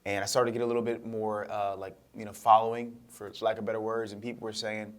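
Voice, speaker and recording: A man's voice: lowish voice, quick pace, hardly any pauses. A young man, a guest speaker, telling his story in an interview and acting out what people said to him. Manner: animated storyteller acting out quotes.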